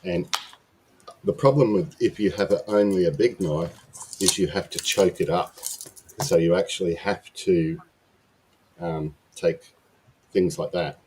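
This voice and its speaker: A man with a low, deep voice talks slowly in a relaxed live chat. He wanders through his stories and keeps restarting his sentences. A faint hiss sits under his voice. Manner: rambling, with frequent restarts. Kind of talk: casual chat.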